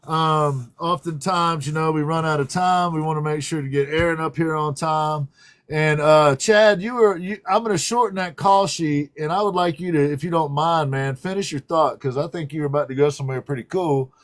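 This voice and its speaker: A man's voice: a little high, moderate pace. A man co-hosting a casual livestream, rambling through announcements and greeting viewers by name. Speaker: livestream co-host.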